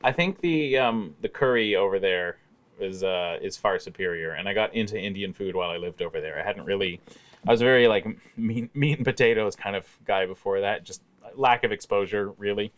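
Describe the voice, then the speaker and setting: A man with a voice that sits a little low, talking casually on a podcast. He is easygoing and wry, with lots of "um" and "you know" as he tells his stories. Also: a little fast, lo-fi sound. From Canada. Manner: easygoing storyteller, frequent fillers and wry humor. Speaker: guest.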